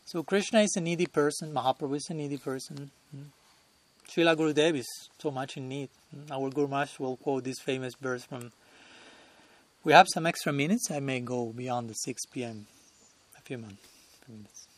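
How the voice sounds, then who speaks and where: A man's voice: mid-range voice, a little fast. A man giving a devotional lecture at a temple as a swami, chuckling often and talking conversationally while searching for words.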